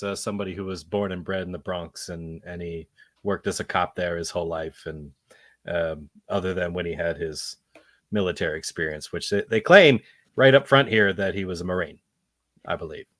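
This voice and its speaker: A man with a lowish voice talks through a film in a casual podcast chat, full of ums and the odd swear word. The sound is dry and close to the mic. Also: normal speed, a bit bright, dry recording. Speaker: podcast host. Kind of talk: casual movie review chat.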